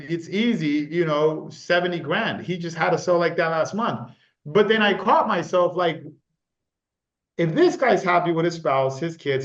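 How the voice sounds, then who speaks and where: A man speaking as a business mentor guest in a casual interview, emphatic and repetitive, often tossing in "man". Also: fairly high pitch. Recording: echoey, dull lo-fi sound.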